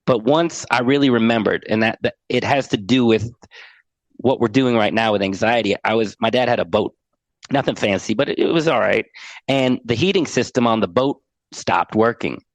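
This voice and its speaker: A man's voice: mid-range voice, normal speed, dry recording. A middle-aged man on a podcast, earnestly telling a heartfelt personal story as an anxiety coach and often repeating words as he goes.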